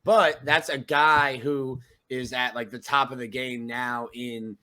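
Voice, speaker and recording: A man, a sports reporter co-hosting a podcast, talking through his points in a measured, analytical way. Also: mid-range voice, little pitch movement, pushed and bright. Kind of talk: casual sports podcast chat.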